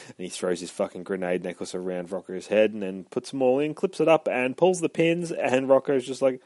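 A man's voice: mid-range voice, steady tone, a little fast, hardly any pauses, a little mellow, no room sound. A man casually recapping a comic book, swearing a lot and rambling with many fillers. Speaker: podcast host.

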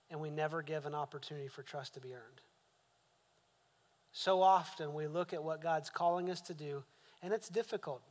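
A male pastor preaching a sermon. He builds to emphatic questions and eases into a soft prayer. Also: fairly high pitch, long reverb tail.

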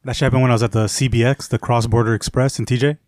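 A man in a casual chat, swearing as he recounts anecdotes quickly. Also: medium pitch, flat delivery, a little mellow, dry recording, clean studio sound. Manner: quick anecdotal telling, profane.

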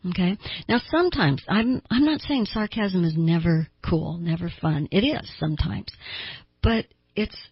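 A middle-aged woman therapist hosting an advice show, talking in a conversational, emphatic way with lively asides. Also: lowish voice, moderate pace, slightly rough, no echo, lo-fi sound. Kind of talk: advice talk show monologue.

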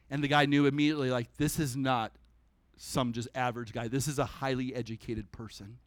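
A man preaching a sermon at a church service, animated and conversational, breaking into humorous asides. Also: medium pitch, brisk, no room sound.

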